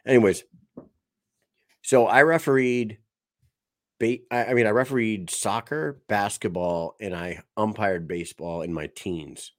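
A man's voice: on the low side, a little slow, no echo, studio quality. A man in casual sports chat on a podcast, telling rambling, profane stories with lots of animation. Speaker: podcast co-host.

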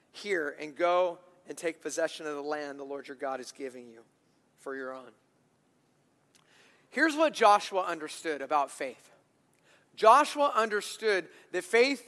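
Man, pastor, bright high voice, animated sermon, long hall reverb. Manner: animated preaching, rising to loud emphatic bursts.

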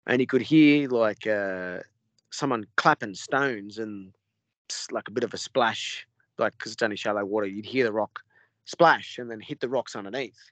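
An Australian man, a podcast guest, telling a story in a rambling, animated way with lots of swearing. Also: lowish voice, moderate pace, no room sound. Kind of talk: casual storytelling.

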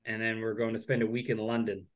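A man co-hosting a casual comedy podcast, dry and deadpan. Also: fairly low pitch, fast. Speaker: co-host, comedian. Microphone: remote call.

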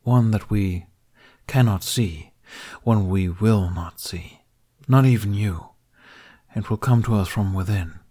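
A man's voice: on the low side, takes it slowly, long pauses, warm tone. A man voicing a grown male Jedi who speaks in a formal, earnest way.

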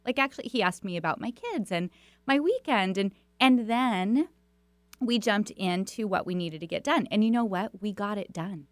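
A woman's voice: medium pitch, animated, normal speed, dry recording. A woman hosting a radio talk show, telling stories in a chatty way with lots of fillers and restarts. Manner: warm storytelling with many fillers and restarts. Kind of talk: conversational radio interview.

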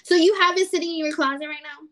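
A young woman co-hosting a podcast, chatting casually and acting out quotes in animated stories. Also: extremely high pitch, fast talker. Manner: animated storytelling, acts out quotes. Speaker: podcast co-host. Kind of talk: casual chat.

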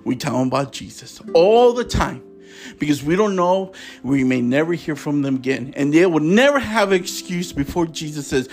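A man's voice: fairly high pitch, animated, moderate pace, darkish tone, faint music behind. A man hosting a preaching podcast, speaking with passion and stumbling a little when he reads scripture aloud.

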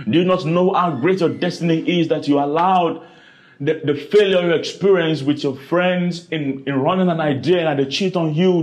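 Dramatic, lively preacher. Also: male voice. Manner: dramatic preaching with sudden high exclamations and repetition. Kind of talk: sermon.

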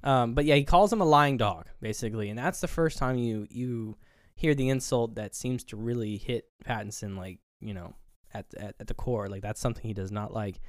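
Man, podcast co-host, casual film review, laid-back, profane, mid pitch, dry close sound. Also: a little fast, dry recording.

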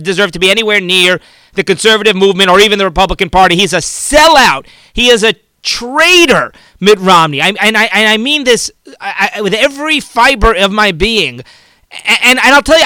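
A man's voice: high-pitched, pushed and bright, clean tone, dry recording. A man hosting a political talk show, giving fervent, rambling commentary and often repeating and restarting his words.

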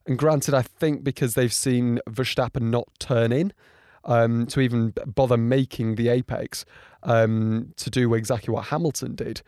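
A man giving casual reaction commentary on race highlights, rambling with frequent ums and getting indignant. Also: steady tone, moderate pace, a little mellow, no echo, studio quality. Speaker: motorsport commentator.

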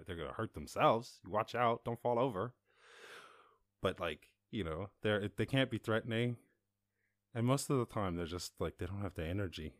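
Low-voiced laid-back West Cork man. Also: dry recording, clean studio sound. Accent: West Cork Irish. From West Cork, Ireland. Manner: rambling, laid-back, sweary, laughs often. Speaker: podcast host. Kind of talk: casual solo monologue.

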